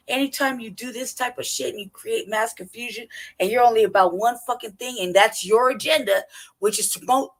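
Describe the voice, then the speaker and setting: Woman host, blunt and profane, slightly high voice, heated running commentary. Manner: blunt, heated, swears heavily. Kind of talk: profane commentary over a played clip.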